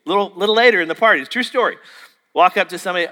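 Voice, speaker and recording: A man's voice: very high voice, fast, bright, forceful tone. A man preaching a sermon, telling a story and acting out the dialogue with jokey asides. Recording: long hall reverb.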